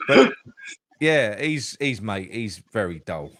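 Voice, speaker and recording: A man's voice: lowish voice, very animated, slow pace, a bit bright, no echo, studio quality. A man, co-hosting a fan talk show, outspoken and swearing freely, often stumbling and restarting. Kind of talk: heated casual banter.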